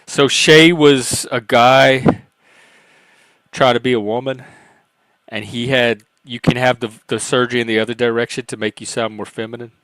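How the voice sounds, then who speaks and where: A man's voice: medium pitch, level tone, brisk, a bit bright, dry recording. A man hosting a live stream in casual chat, rambling and self-mocking with frequent laughs and a light, youthful-sounding voice.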